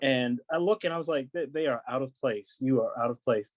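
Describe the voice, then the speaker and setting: A man, a podcast guest, telling a long story in casual chat, acting out what others said with lively voices. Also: mid-range voice, a little fast, no echo, highs cut off. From United States. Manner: animated storyteller acting out quotes.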